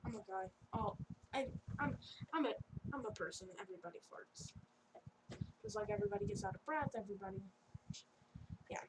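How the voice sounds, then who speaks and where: A woman's voice: mid-range voice, a little fast, pauses often. A woman casually telling a fan story in a rambling, off-the-cuff way with joking asides. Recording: steady background noise.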